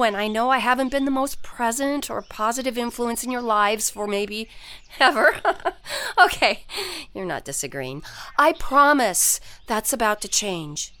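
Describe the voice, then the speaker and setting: A woman's voice: on the high side, expressive, measured pace, bright, forceful tone. A breathless, rambling mother. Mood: earnest. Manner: rambling, eager, self-deprecating. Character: scattered, apologetic mother of two teen girls. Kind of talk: audio drama acting.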